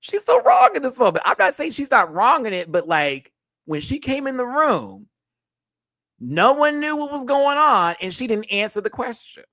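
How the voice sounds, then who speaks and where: A man hosting a live show review, ranting in an animated and profane way. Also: very high-pitched, normal speed, no echo, clean studio sound. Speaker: host.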